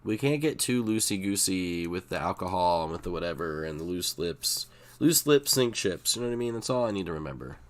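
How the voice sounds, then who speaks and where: A deep-voiced, middle-aged man streams poker and talks to his chat in a loose, rambling way. He swears freely and gets excitable, with keyboard typing heard behind him. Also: quick pace, few pauses. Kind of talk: casual live-stream chat.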